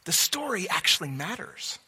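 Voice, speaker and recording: A man's voice: high voice, sing-song, normal speed, pushed and bright, breathy edge, in a large hall. A man preaching a sermon, teaching emphatically and asking rhetorical questions.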